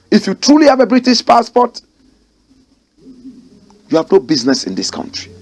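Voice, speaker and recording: A Ghanaian man giving fiery political commentary, mocking and firing rhetorical questions. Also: sits high.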